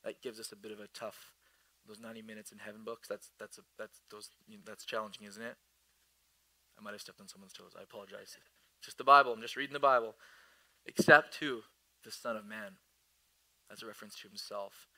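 A man in his thirties, a pastor delivering a sermon, telling a family story with laughter and lively asides. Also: fairly low pitch, quick pace, rough recording.

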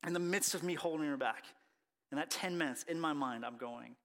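Thirties male preacher, lively storyteller, bright and slightly high voice, drops to a hush, then surges. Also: fairly quick. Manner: animated storytelling, acts out quotes, swings from hushed to loud. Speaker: pastor. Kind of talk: sermon with personal story.

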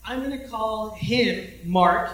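Animated high-voiced pastor in an echoey hall. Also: male voice, takes it slowly, distant mic. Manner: animated, shouting in punchlines and acting out quotes. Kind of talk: storytelling sermon. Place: large echoey hall, speaking from a stage.

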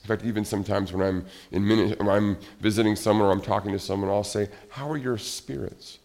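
Male pastor, middle-aged, low voice; casual animated sermon that slips into acted-out asides. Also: fast talker, vocal fry. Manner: animated, conversational, acts out little scenes.

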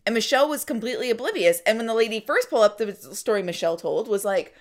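A woman's voice: on the high side, fast. A woman co-hosting a podcast, telling stories casually and animatedly, acting out what people said and saying "like" often. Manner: animated, acts out quoted speech, frequent "like". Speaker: podcast co-host. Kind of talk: casual conversational storytelling.

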